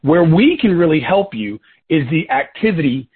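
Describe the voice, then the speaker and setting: Over a tinny phone-line conference call, a man with a fairly high, husky, very animated voice coaches his sales team at a moderate pace. As their leader and mentor, he's casual and conversational, calling them "guys" and drifting into side stories.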